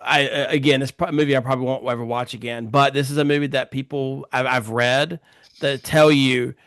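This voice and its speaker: A man muses agreeably about a film in an unhurried, conversational way. His voice sits at a middle pitch. It is recorded close and dry. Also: steady tone, a bit bright, no room sound. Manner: agreeable, reflective, frequent fillers. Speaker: podcast co-host. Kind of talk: casual film discussion.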